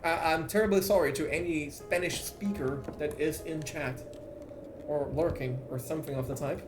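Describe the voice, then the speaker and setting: A high-voiced man, a Portuguese speaker, streams a game and chats with his viewers, excitable and quick to swear. His voice rings in a roomy space, with faint game music underneath. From Brazil. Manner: excitable, swears freely, reads chat aloud. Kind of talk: casual live-stream chat while playing.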